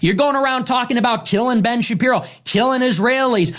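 A woman's voice: a little high, brisk, a bit bright. A woman delivering a heated political rant, combative and sarcastic, hammering points with repeated phrases. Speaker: political commentator.

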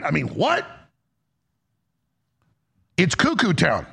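A man's voice: high-pitched, animated, normal speed, vocal fry, a bit bright, husky. A man hosting a political commentary show, heated and emphatic, often restarting his sentences.

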